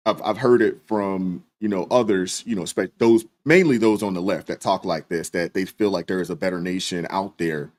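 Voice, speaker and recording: A man hosting a live stream, reading viewer super chats and talking through them in a relaxed way, with lots of fillers. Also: sits low, normal speed, hardly any pauses. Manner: relaxed, many fillers, thanks viewers by name. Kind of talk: casual live stream commentary.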